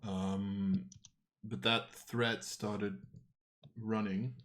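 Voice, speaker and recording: A man answering in character during a tabletop role-play game, halting and hesitant with many fillers. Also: fairly low pitch, flat delivery, fairly bright tone. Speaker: player.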